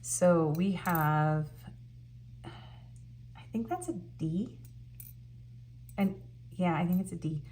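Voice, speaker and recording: Woman tarot reader, low voice, casual and musing, faint background hiss. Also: very slow, pauses often, a little mellow. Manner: musing, reads out card messages, with frequent ums. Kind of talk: casual pick-a-card tarot reading.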